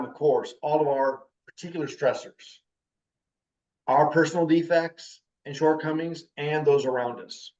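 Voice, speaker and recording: A man's voice: medium pitch, far from the mic, lo-fi sound. Intense man in his fifties teaching. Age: 50s. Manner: intense, animated talker. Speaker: teacher of a spirituality class. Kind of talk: spoken class talk.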